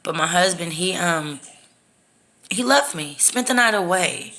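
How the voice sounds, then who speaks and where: A woman's voice: fairly low pitch, animated, unhurried, sharp tone. A woman from Texas, telling a personal story to her phone in a candid, profane, rambling way. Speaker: storytime vlogger. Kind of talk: casual storytime monologue.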